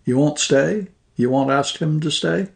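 A man's voice: a little high, gravelly, pitched above the performer's own voice. Man putting on a coaxing young Italian woman. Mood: pleading. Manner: coaxing, halting broken English.

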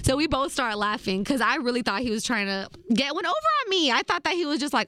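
A woman's voice: medium pitch, very animated, quick pace, hardly any pauses, fairly bright tone, dry recording, studio quality. A young woman in a casual storytime vlog, retelling events in a chatty, slangy way full of asides. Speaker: vlogger.

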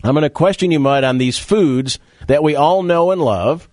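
A man's voice: fairly high pitch, normal speed, a little mellow, no room sound. Joking male radio host, dry studio sound. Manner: joking, quizzing his co-host. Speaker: radio sports talk host. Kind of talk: casual radio chat.

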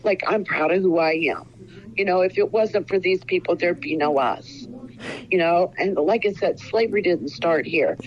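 An earnest woman in her sixties from Ohio, rambling through a casual interview with lots of fillers. Her voice sits a little low. The recording sounds dull and lo-fi. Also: normal speed. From Ohio, USA. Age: 60s. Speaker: author guest.

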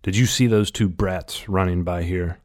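A man voicing a heavyset, gruff sailor who is out of breath and grumbling, in an audiobook story. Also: sits low, steady tone, normal speed, a little mellow, no echo, clean studio sound, close to an everyday voice.

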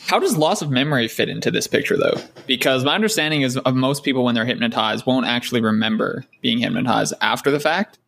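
A man with a gravelly, fry-tinged voice speaks quickly as a podcast co-host. He mostly drops in short reactions and pointed questions during casual chat. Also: medium pitch, fairly bright tone, a little hiss or hum. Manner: short interjections and probing questions. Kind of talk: casual conversation.

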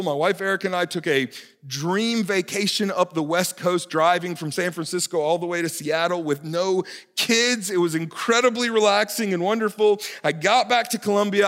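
A young man with a notably high voice preaches a sermon, conversational and quick with self-deprecating humor. His words ring out with long reverb through a large church sanctuary, like a pastor talking to his congregation from the stage. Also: a bit bright. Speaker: family discipleship pastor.

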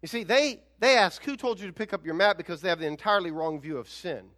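A male pastor preaching a sermon in an animated, conversational way, with emphatic rhetorical questions. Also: high voice, fast talker.

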